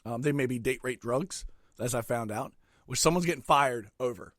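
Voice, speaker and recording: A middle-aged man hosting a podcast alone, ranting crudely and profanely with sudden loud outbursts while eating. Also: medium pitch, normal speed, no room sound, studio quality. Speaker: podcast host. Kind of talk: solo comedic rant.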